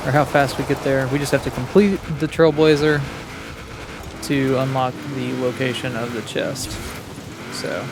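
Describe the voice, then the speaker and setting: A man, the host of a gaming channel, giving relaxed gameplay commentary and thinking aloud as he plays. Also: fairly high pitch, noisy background. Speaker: gaming YouTuber.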